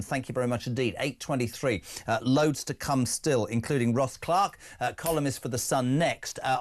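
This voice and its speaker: A middle-aged man hosts a live radio phone-in, his voice sitting at an ordinary middle pitch. He talks in a forceful, emphatic way and drives each point home. It has the sound of a radio studio. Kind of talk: opinionated live radio talk.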